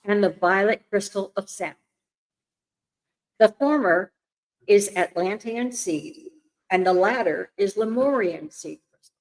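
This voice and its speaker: A woman's voice: mid-range voice, poor audio. An older woman reading a text aloud on a call, stumbling over words and breaking off into chatty asides. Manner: reads haltingly, coughs, apologizes, chatty asides. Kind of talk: casual reading and chat.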